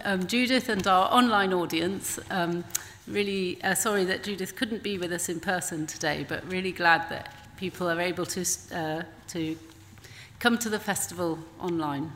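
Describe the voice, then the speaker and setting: A woman festival director opening a live poetry event with bright, forward delivery. She introduces each guest, pausing often on fillers. A long hall reverb and faint noise sit behind her. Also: lowish voice. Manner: warm, filler-heavy introducing.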